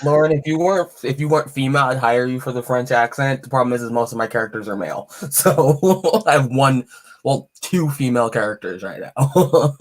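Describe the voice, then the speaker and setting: An author chats casually, laughing often between remarks. His voice is medium-pitched and brisk.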